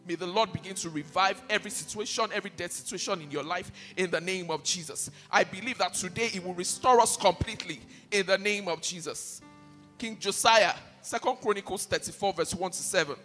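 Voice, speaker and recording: A male pastor delivers a passionate sermon, repeating key phrases to drive them home. His voice is high, brisk, bright, and forceful, recorded in a reverberant hall with faint music in the background.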